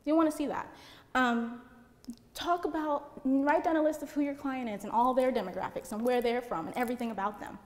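A loud, chatty woman from Puerto Rico giving a seminar talk to photographers, using a handheld mic and saying "like" a lot. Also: sits high, brisk, big-room sound. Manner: chatty, lots of "like". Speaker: seminar speaker. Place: seminar room with an audience.

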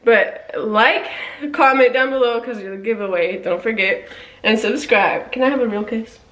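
A woman's voice: on the high side, normal speed, fairly bright tone, echoey room, poor audio. A woman vlogger pulling a prank on her partner in a bedroom, talking in a pleading, repetitive, giggly way to a camera set up in the room. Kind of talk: casual prank vlog.

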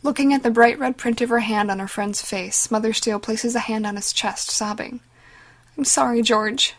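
A woman giving dramatic, measured scripted narration of a story. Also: a little high, fairly even intonation. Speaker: audiobook narrator.

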